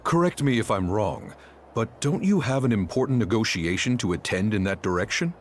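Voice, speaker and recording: A man's voice: on the low side, sing-song, a little fast, soft background music. An actor playing a male dignitary in game dialogue, speaking formally with pointed questions. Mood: probing.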